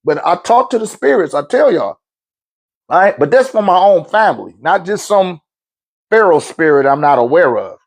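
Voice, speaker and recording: A middle-aged man, a spiritual talk show host, tells a story in a laid-back, slangy monologue. His voice is high-pitched and very animated at a normal speed, and he chuckles often and acts out the voices he quotes.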